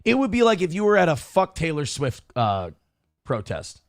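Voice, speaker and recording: Profane, animated man. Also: a little high, moderate pace, dry recording, studio quality. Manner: profane, animated storytelling with acted-out quotes. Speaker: morning show host. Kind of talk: casual chat. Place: home studio.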